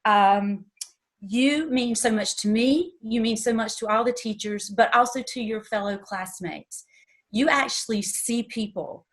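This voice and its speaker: Older southern lady teacher, choked up, halting, talking to her student. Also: on the high side. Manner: emotional, halting, on the verge of tears. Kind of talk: heartfelt tribute speech.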